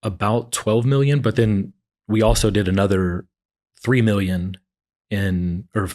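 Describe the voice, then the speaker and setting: A man's voice: fairly low pitch, fairly even intonation, a little slow, darkish tone. A man in his forties, an entrepreneur telling his story in a casual interview and acting out what others said. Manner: storytelling, acts out quotes of others. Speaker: entrepreneur guest.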